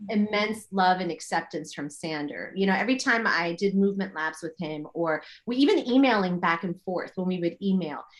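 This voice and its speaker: A middle-aged woman, a yoga teacher, chatting as an interview guest and telling animated stories full of her own remembered thoughts. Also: on the low side, normal speed, few pauses. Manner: animated storytelling with quoted inner thoughts. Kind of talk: casual interview chat.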